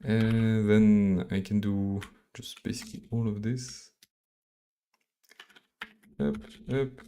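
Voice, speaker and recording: A man from Belgium with a French accent, live-coding on a stream and thinking aloud in a halting, mumbling way full of fillers and restarts. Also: lowish voice, fairly even intonation, mellow, slight background noise.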